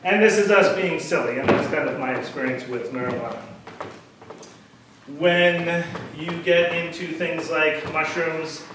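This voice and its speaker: A man's voice: a little high, measured pace. A man giving an unprepared, rambling talk to a crowd, full of fillers and self-deprecating asides. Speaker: speaker at a storytelling event. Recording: echoey hall from far off, with noise.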